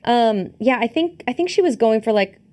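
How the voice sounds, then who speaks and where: A woman's voice: on the high side, lively intonation, normal speed, a little mellow. Chatty female podcast co-host. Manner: hesitant, laughs often, many fillers. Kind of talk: casual movie review chat.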